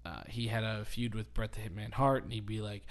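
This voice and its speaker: A man hosting a podcast, telling long rambling stories in casual chat and breaking into quick laughs. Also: on the low side, level tone. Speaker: podcast host.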